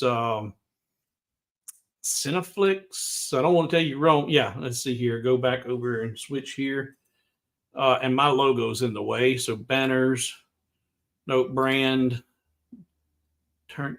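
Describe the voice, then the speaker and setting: A middle-aged man with a slightly higher voice hosts a livestream in an easygoing, rambling way. He talks straight to the viewers in chat and addresses them by name. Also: a bit bright. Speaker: livestream host.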